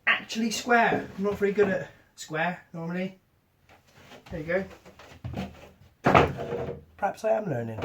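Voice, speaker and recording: A chatty, wry man talking through his van build, his voice sitting a touch high for a man. He sounds a little way off from the mic, with faint noise behind him. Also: fairly bright tone, far from the mic. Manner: chatty, wry and self-deprecating. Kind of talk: casual DIY build narration. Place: in and around a camper van, partly outdoors.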